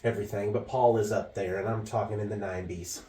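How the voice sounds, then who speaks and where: A man's voice: fairly low pitch, fast talker. A man co-hosting a podcast, telling a story casually and animatedly. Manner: animated, laughs through the story. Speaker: podcast co-host. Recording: roomy echo, mic far off.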